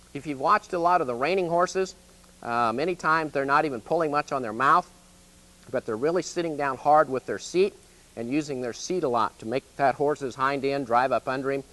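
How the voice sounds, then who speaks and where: A man's voice: mid-range voice, moderate pace, fairly bright tone. A man with a Midwestern US accent, an extension educator giving a plain-spoken, folksy horse training lesson, often checking in with "okay?".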